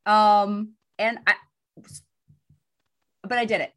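A woman co-hosting a podcast, telling a personal story in casual chat with a lively, self-deprecating manner. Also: mid-range voice, takes it slowly, clean tone. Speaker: podcast co-host.

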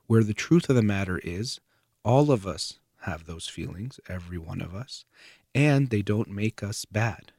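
Calm, low-voiced man explaining. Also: breathy edge, no room sound, studio quality. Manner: calm, measured, earnest, trailing off softer at phrase ends. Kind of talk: explanatory talk to camera.

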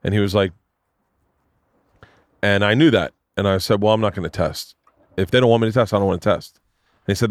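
A man hosting a podcast, telling long animated stories in casual chat, swearing freely. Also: lowish voice, fast, pauses often, no echo, studio quality. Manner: animated, profane storyteller doing voices. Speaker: podcast host.

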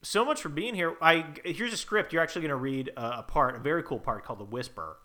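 A man's voice: on the high side, fast, bright, forceful tone. A man co-hosting a comedy podcast, playing an awkward, eager character in an improvised scene, rambling with fillers.

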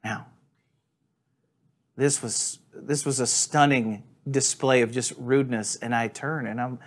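A man preaching a sermon, telling a funny personal story in a relaxed, conversational way and laughing at himself. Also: mid-range voice, moderate pace. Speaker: pastor. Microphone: on camera.

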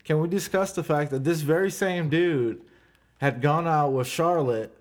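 A man's voice: a little high, measured pace. A man co-hosting a podcast, casual and blunt, with wry, profane jokes. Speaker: podcast co-host. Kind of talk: casual recap chat.

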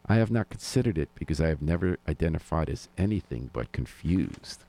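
A man's voice: very deep voice, big pitch swings, a little fast, dark tone. A man hosting a local news and music radio show from a studio, with wry, sardonic commentary. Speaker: radio host.

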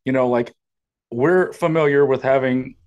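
A man's voice: mid-range voice, a little slow, a little mellow, highs cut off. A man co-hosting a casual podcast, rambling and sarcastic, swearing often, on a podcast microphone. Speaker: podcast co-host. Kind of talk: casual profane podcast chat.

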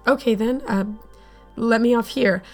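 A woman's voice: on the high side, measured pace, a little mellow, soft background music, voice pushed up. A woman voicing a desperate, defiant young woman who speaks in an urgent, pleading way in an audio drama.

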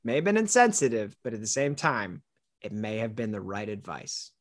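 A man's voice: fairly low pitch, sing-song, normal speed, a crowd in the background. A man co-hosting a podcast, chatting casually and rambling with restarts and trailing-off sentences. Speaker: podcast co-host. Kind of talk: casual chat.

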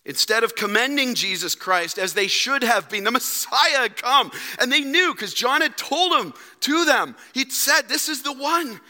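High bright-voiced preaching man. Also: animated, moderate pace, hardly any pauses. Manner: dynamic preaching, acting out quoted voices, swings from loud to hushed. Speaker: pastor. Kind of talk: sermon. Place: church sanctuary. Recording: long hall reverb.

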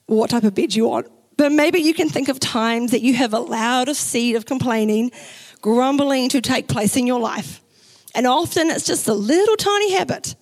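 A young woman pastor from New Zealand with a New Zealand accent, preaching a sermon in a chatty, animated way and acting out the quotes in her stories. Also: sits high, rough recording. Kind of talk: sermon with personal story. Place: church.

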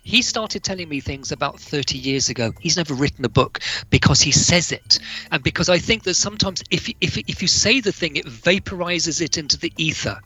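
A man's voice: fairly high pitch, lively intonation, brisk, pushed and bright, husky. A man, a guest author on a live radio show, chatting eagerly and reading his poems aloud. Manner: enthusiastic, chatty storyteller. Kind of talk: casual radio chat and poetry reading.

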